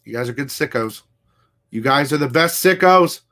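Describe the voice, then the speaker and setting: A man hosting a casual comic book livestream, talking fast and loose, swearing freely and reading viewer comments aloud. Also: medium pitch. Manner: profane, excitable, reads chat aloud. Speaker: comic shop livestream host. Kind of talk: casual live-stream chat.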